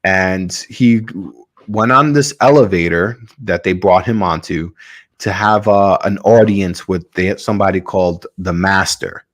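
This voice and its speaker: A man's voice: deep voice, measured pace. A man hosting a podcast, retelling a story in a casual, rambling way with many fillers and some swearing. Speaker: podcast host.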